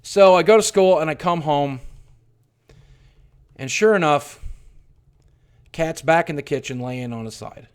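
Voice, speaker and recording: A middle-aged man telling a painful personal story on his livestream, swearing often and swinging between hushed mutters and loud outbursts. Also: on the high side, measured pace, long pauses, smooth. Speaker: streamer.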